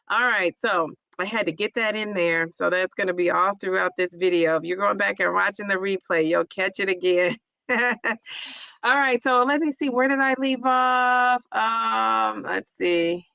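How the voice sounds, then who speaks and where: This middle-aged weight-loss vlogger's voice is on the high side and a bit bright, at normal speed, recorded with no room sound but dull audio. She hosts a relaxed livestream, effusively greeting viewers by name as she goes through their comments.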